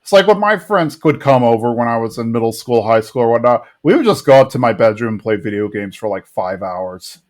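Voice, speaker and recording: A man's voice: mid-range voice, expressive, brisk, hardly any pauses. Man casually recapping a cartoon episode. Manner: rambling, acts out lines in funny voices. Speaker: podcast co-host.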